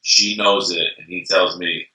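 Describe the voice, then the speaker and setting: A man's voice: deep voice, measured pace, distant mic. A man co-hosting a comedic beer tasting show, bantering and cracking jokes in casual chat. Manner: joking, animated banter. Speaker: co-host of a beer tasting web series. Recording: echoey room, voice away from the mic.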